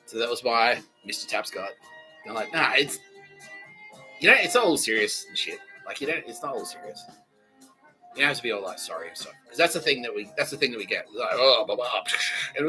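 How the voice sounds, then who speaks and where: A man hosting a podcast, telling a rambling comedic story in a loose, profane way and slipping into quick voices for the people in it. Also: medium pitch, animated, bright, forceful tone, faint music behind. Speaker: podcast host.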